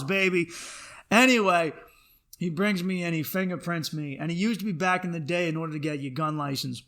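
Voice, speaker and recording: Bright-voiced man telling a comic story. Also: high-pitched, a little fast. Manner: animated, acts out other people's voices in his stories. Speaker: podcast host. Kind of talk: comedic storytelling monologue.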